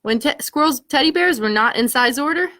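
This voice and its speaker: A woman, a children's librarian, reading picture books aloud to children with an animated, questioning storytime manner. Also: high-pitched, a little fast. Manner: animated, asks listeners questions, gasps at the story.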